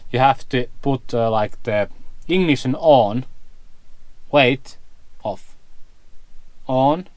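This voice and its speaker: Slow-talking man chatting on a travel vlog. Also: mid-range voice, a little mellow, no echo, low-quality recording. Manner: halting, searching for words, repeating himself. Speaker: travel vlogger. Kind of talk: casual travel vlog chat.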